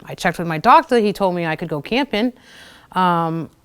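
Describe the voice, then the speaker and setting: A woman's voice: on the low side, lively intonation, moderate pace, a bit bright, clean tone. A woman in her thirties hosting a local TV show, telling personal stories in a chatty way, full of fillers and acted-out quotes. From United States. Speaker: host of a community TV show. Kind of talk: personal storytelling talk.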